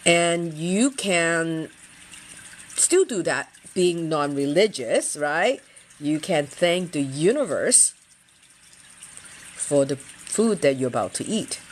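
A woman's voice: low-pitched, expressive, slow pace, pauses often, slight background noise. A middle-aged woman hosting a casual feng shui livestream, talking earnestly and chattily and often repeating her phrases.

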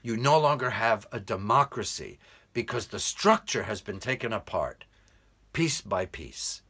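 An American man, an English tutor, delivering an earnest, urgent political commentary monologue with slow, emphatic stresses. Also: lowish voice, expressive, bright, forceful tone, husky. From United States.

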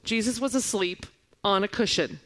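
A woman in her forties preaching a sermon, telling stories and reading scripture with lively expression. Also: mid-range voice, moderate pace. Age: 40s. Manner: animated storytelling, reading scripture aloud. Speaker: guest preacher.

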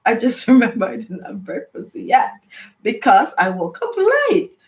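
A woman's voice: medium pitch, normal speed. A woman from Jamaica, hosting a casual beauty live chat from home, chatty, often saying "no joke" and "okay?" as she talks. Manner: chatty, repeats "no joke" and "okay?", reads viewer comments aloud.

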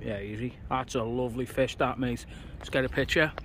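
A man's voice: mid-range voice, fairly even intonation, a little fast, a bit bright, a little hiss or hum. A young man, chatting upbeat and matey to the camera while fishing on a riverbank at night. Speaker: fishing channel host. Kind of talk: casual outdoor vlog chat.

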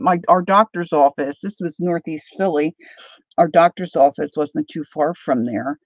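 A woman's voice: fairly low pitch, unhurried. A middle-aged woman chats and rambles at home while crafting, calling out to viewers by name. Her voice is dry, with no room echo, and the recording sounds dull and lo-fi. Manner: chatty, rambling storyteller, talks to viewers by name. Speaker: craft channel host. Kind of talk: casual livestream chat while crafting.

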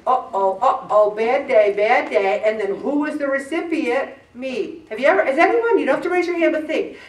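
A woman's voice: high voice, slight background noise. Middle-aged woman doing a chatty faith talk, acts out voices, echoey room, mic far away. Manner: animated, acts out quoted voices. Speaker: Christian speaker on emotions. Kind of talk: informal devotional talk.

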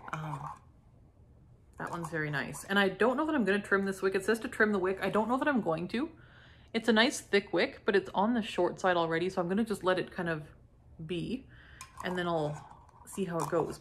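A middle-aged woman from Canada chatting casually as she unboxes and sniffs candles, gushing softly and lingering over each scent. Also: lowish voice, slight background noise. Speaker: candle review vlogger. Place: home.

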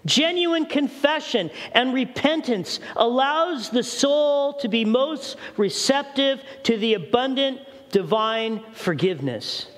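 Male pastor, high tenor, emphatic sermon delivery, echoing sanctuary. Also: lively intonation, slow pace, hardly any pauses. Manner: preaching with acted prayers and rising emphasis. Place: church sanctuary.

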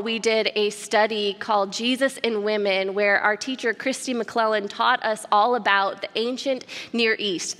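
A woman preaching a sermon in a conversational, animated storytelling manner, often turning to the congregation with questions. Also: fairly high pitch. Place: church sanctuary. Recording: long church hall reverb.

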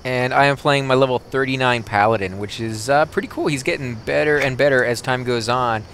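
A man hosting a game walkthrough, explaining steps in a relaxed way with plenty of fillers. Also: medium pitch, brisk, a little hiss or hum. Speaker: host.

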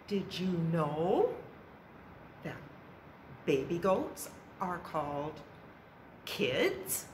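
Slow, lively woman telling kids a story. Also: lowish voice. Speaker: library storytime presenter. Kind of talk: children's storytime narration. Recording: roomy echo with faint background noise.

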